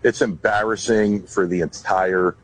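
A military veteran speaking in an interview clip, blunt and defiant. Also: male voice, lowish voice, fairly even intonation, unhurried, a little hiss or hum, rough recording.

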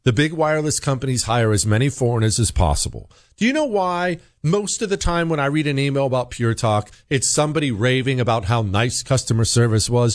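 A man's voice: mid-range voice, sing-song, moderate pace, dry recording, studio quality. A man hosting a talk radio show, delivering an emphatic opinion monologue full of rhetorical questions.

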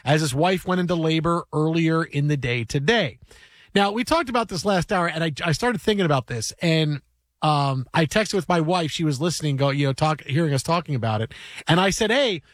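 Male sports radio host with a high, dry voice and a loose, rambling delivery. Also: brisk, no room sound. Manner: animated rambling storyteller. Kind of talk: casual sports talk.

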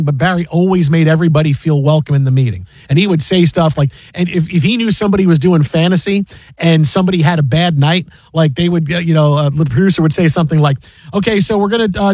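A man's voice: on the high side, fast talker, darkish tone, dry recording. A man co-hosting a sports show, telling stories casually with many restarts and acted quotes. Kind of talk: casual storytelling.

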